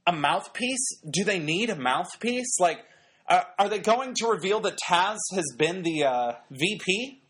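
A man talks through a wrestling episode in a loose, wry podcast style, full of ums and asides. His voice sits a little high and sounds bright and forward, with a faint husk to it. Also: animated, measured pace, slightly rough. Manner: chatty, wry, many fillers. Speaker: wrestling show reviewer. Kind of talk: casual podcast commentary.

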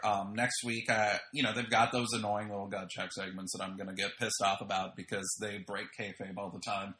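A medium-pitched, bright voice with a forceful tone carries this reverberant recording. The man, a wrestling podcast host, offers a casual, opinionated audio review filled with slang and fillers.

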